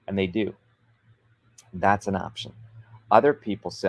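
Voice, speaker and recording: A man hosting a livestream, giving business advice in an energetic, emphatic and persuasive coaching manner. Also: lowish voice, moderate pace, long pauses. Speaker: author coach and show host.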